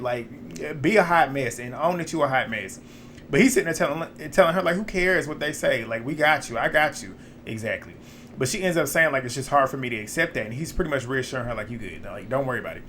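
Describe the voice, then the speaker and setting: A man's voice: mid-range voice, fairly bright tone, slight background noise. A young man recapping a reality show episode in a casual, blunt, chatty way, swearing freely and laughing at his own asides.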